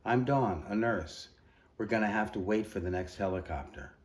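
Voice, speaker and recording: A young army nurse, tender and reassuring, her words gentle and soothing, as a man with a low voice reads her part. The voice sits fairly deep in pitch, plainly a storyteller's take on her. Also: normal speed, close to an everyday voice.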